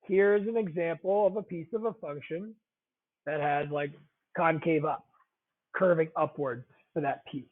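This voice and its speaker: A man's voice: a little high, a little slow. A man teaching a math lesson, talking conversationally, repeating key phrases and checking in with the class. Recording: tinny phone-like audio.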